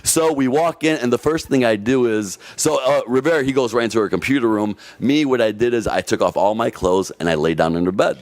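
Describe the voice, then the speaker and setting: A man from Detroit, a podcast guest telling a story casually, animated, laughing often and swearing freely. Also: medium pitch, a little fast, few pauses, no room sound. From Detroit, USA.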